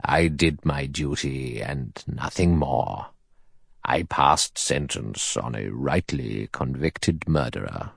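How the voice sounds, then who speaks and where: A man voicing an elderly male judge in an audiobook, cold, precise and measured in delivery. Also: very deep voice, creaky, husky, dry recording, studio quality, pitched below the performer's own voice, heavily acted. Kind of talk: audiobook character reading.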